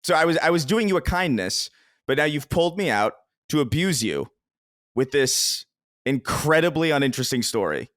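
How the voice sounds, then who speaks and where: A man co-hosting a podcast, chatting casually with a lively, swooping pitch. He rambles, laughs at himself and restarts his sentences. The sound is dry and close to the mic. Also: normal speed, dry recording. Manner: rambling, self-deprecating, laughs often. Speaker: podcast co-host. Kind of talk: casual chat.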